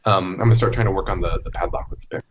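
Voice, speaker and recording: Deep-voiced man playing a tabletop game. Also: steady tone, rapid-fire, highs cut off, a little hiss or hum. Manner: easygoing, thinking aloud. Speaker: player. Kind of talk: casual tabletop game play.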